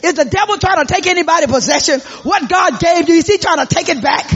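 A man preaching a fervent sermon, often shouting and calling out to the congregation for responses. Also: very high-pitched, fast talker. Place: church sanctuary. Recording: echoey hall, dull lo-fi sound.

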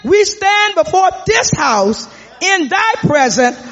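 A man preaching a fervent sermon, often shouting and calling out to the congregation for responses. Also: very high-pitched, sing-song, slow pace. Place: church sanctuary. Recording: echoey hall, dull lo-fi sound.

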